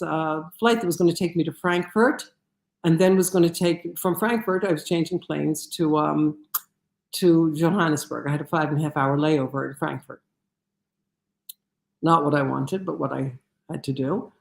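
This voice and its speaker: Animated woman telling a story on stage. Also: fairly low pitch, roomy sound. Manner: animated, with frequent restarts. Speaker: lecturer. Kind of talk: storytelling lecture.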